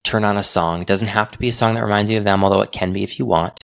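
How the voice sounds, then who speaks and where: A young podcast host speaks alone in a very low, gravelly voice with a fairly bright tone and no echo. Rapid-fire yet steady, he sounds earnest and reflective, often restarting sentences as he works through ideas.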